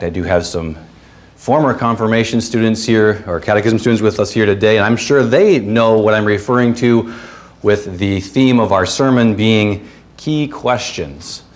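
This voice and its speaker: A man preaching a sermon as the pastor of a church, earnest and reading scripture, with playful asides and puns. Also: fairly low pitch.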